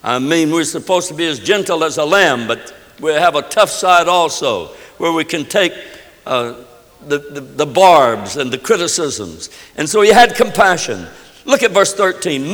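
A man's voice: a little high, expressive, a little slow, fairly bright tone, in a large hall. A pastor preaching a sermon, emphatic and leading his congregation in a spoken prayer.

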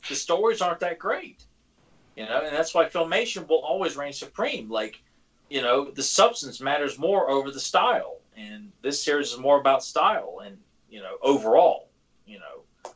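A man's voice: on the high side, lively intonation, moderate pace, rough recording. A man co-hosting a casual fan podcast, rambling and opinionated, with many fillers. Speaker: podcast co-host.

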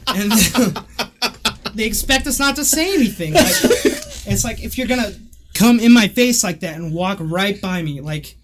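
A man's voice: high-pitched, moderate pace, slight background noise. A man casually telling a story, laughing often and acting out what people said. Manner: laughing, animated retelling with acted-out quotes.

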